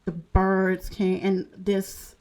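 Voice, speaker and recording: A woman narrating a tabletop game as game master, halting and full of fillers as she describes scenes. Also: mid-range voice, completely flat delivery, a little mellow. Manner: slow, halting narration with many fillers and restarts.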